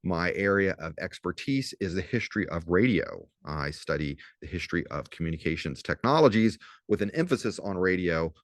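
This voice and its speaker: A low-pitched man in his fifties with a faint Southern accent talks his students through a casual recorded lecture. He is chatty and wry, slowing right down to spell words out. The sound is dry and close. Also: no room sound. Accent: slight Southern US. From southern Louisiana. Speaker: professor.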